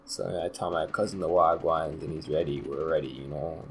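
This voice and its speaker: A man's voice: very deep voice, fairly even intonation, moderate pace, slight background noise. A young man telling a story from his own life in a casual, slangy, rambling way, often trailing off with "da, da, da". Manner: loose, slangy, rambling with filler "da, da, da".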